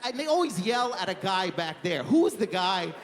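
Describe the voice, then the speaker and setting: A man's voice: sits high, very animated, normal speed, a faint crowd, slight background noise. Rambling young male stand-up comedian. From Canada. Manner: rambling, lots of "like", self-deprecating. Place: comedy club stage with audience. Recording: live comedy hall reverb.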